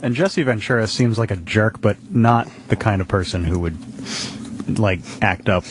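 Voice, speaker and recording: A man's voice: lowish voice, moderate pace. A male voice joins a talk radio conversation hesitantly and sees both sides. A faint hum of room noise sits under him. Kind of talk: casual talk radio banter.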